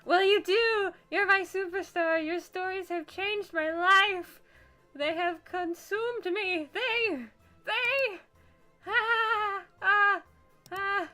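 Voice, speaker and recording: A woman voicing a huge, unhinged male fan with an axe, in a high, giddy, stammering voice that bursts out loud when overexcited. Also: takes it slowly, faint music behind, full character voice. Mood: gushing. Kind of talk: visual novel voice acting.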